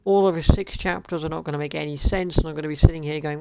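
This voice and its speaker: A man's voice: fairly high pitch, fairly even intonation, fast talker, gravelly, a little mellow, smooth, no echo, faint music behind. A man streaming live, ranting in a sarcastic, profane and repetitive way. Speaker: gaming streamer. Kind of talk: casual live-stream rant.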